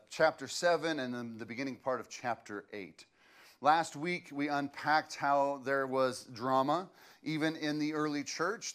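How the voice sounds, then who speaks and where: A man's voice: medium pitch, a bit bright. A man, preaching a sermon as a pastor and telling stories in a loose, conversational way with fillers.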